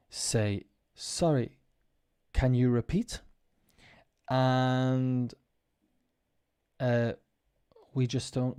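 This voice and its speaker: A man with a mellow, warm, relaxed voice hosts a casual English lesson. He walks through everyday phrases patiently and repeats each example with marked intonation. His voice sits at an ordinary middle pitch. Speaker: English teacher; podcast host.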